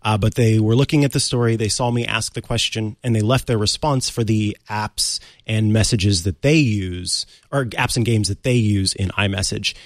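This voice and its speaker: A young man co-hosting a casual tech talk show, friendly and quick to laugh as he explains messaging apps. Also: on the low side, no room sound, studio quality. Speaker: podcast co-host.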